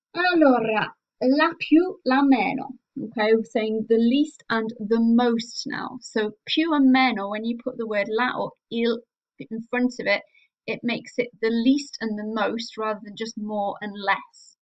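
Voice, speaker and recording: Woman teacher, patient and explanatory, slightly high pitch, muffled low-fidelity recording. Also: takes it slowly. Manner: patient, explanatory, often checks in with "okay?". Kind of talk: recorded online language lesson.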